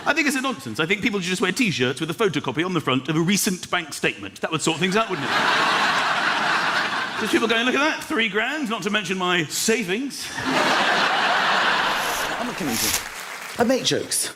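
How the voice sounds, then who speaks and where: A man doing stand-up comedy as host, animated, laughing through his lines and acting out little voices. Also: sits high, fast talker, very noisy. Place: large theatre with live audience. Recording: echoey venue with loud audience laughter.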